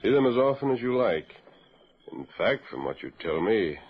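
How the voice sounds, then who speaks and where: An actor playing a calm, commanding masked frontier hero who speaks in a measured, authoritative way, in 1940s radio acting. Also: male voice, lowish voice. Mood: steady. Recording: dull old radio broadcast.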